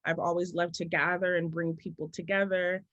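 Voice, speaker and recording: A woman in her forties, a business coach, answering interview questions in a thoughtful, story-telling way that often slows down to make a point. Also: fairly low pitch, flat delivery, fairly bright tone, dry recording, dull audio.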